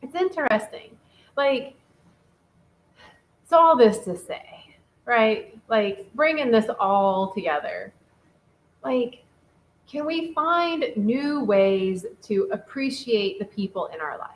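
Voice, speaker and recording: A woman talks through relationships in a loose, chatty way as co-host. Her voice sits somewhat high, and she moves quickly from one thought to the next while reading listener comments aloud. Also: lively intonation, poor audio. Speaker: podcast co-host. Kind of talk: casual relationship talk.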